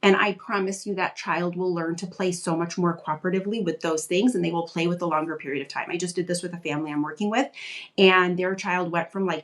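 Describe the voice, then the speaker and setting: A woman giving parenting advice in a casual live question-and-answer stream, conversational and reassuring, with lots of "like". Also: lowish voice. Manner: conversational, reassuring, frequent "like" fillers. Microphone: live video stream.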